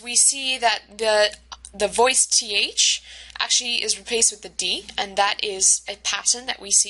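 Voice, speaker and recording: A woman's voice: mid-range voice, bright, forceful tone, rough recording. A woman teacher giving a recorded lecture over slides, explaining step by step with frequent fillers and checks like "right?".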